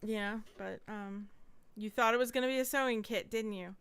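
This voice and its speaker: A woman's voice: a little high, moderate pace, crowd noise. A woman hosting a podcast in casual chat, playful and chatty, laughing often. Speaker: podcast host.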